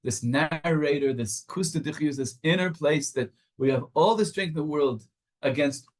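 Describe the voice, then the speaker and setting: A man's voice: fairly high pitch, normal speed. A man teaching a Torah class with passion, moving back and forth between Hebrew and English.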